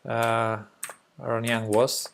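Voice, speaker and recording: A young man with a Spanish accent, a native Spanish speaker, giving casual live-stream chess commentary in a hesitant way with fillers and soft laughs. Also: mid-range voice, completely flat delivery, takes it slowly, vocal fry, a little hiss or hum.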